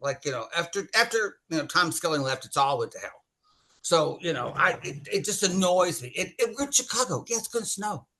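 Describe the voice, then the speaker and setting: A man's voice: on the high side, a little fast. A man co-hosting a podcast, ranting and joking. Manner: animated, ranting, jokey. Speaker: podcast co-host. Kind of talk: casual chat.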